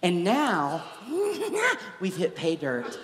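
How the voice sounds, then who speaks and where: A man, a former youth pastor, giving a live preaching talk in an animated, joking storytelling manner in a large church hall. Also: high-pitched, moderate pace. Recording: echoey hall with long reverb.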